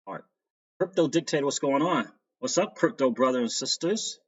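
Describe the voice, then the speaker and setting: A man's voice: medium pitch, animated, normal speed, husky, muffled recording. A man hosting a casual crypto livestream, reading out viewer names and greeting them, laughing often.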